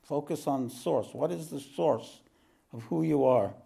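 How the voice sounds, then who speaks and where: A male spiritual teacher speaks slowly to a group in a room. His voice is dark and mellow, and his pace is unhurried. He clears his throat often and wanders into jokes along the way. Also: fairly high pitch. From East Coast of the United States. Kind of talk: relaxed spoken teaching to a group.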